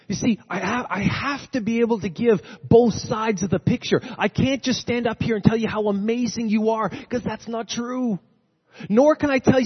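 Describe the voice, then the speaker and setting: A man with a high, slightly husky voice preaches from the pulpit, swinging between loud emphatic lines and hushed low ones. The sound is dull and lo-fi, with a long reverb from the sanctuary around him. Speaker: pastor. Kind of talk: sermon. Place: church sanctuary. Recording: dull lo-fi recording in a reverberant hall.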